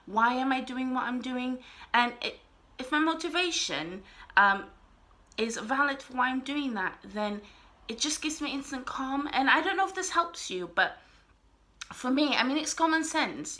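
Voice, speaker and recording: Bright-voiced woman talking earnestly. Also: high-pitched, lively intonation, moderate pace. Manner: earnest, rambling, emphatic. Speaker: vlogger. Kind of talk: casual talk to camera.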